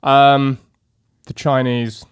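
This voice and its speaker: A man's voice: medium pitch, level tone, extremely slow, clean tone. A man co-hosting a podcast, joking and teasing in casual chat. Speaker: podcast co-host.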